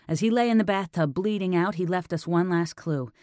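A man's voice: high-pitched, fairly quick, darkish tone, no echo, studio quality, pitched above the performer's own voice, close to an everyday voice. A man voicing a tough female police detective, insistent and questioning in an audiobook reading. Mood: pressing.

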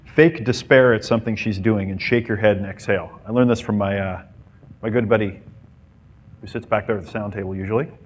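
A man's voice: on the low side, fairly even intonation, brisk. Playful man coaching a seminar crowd. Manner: playful, mimics women and acts out scenes. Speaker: dating coach. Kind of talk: seminar talk to a live group.

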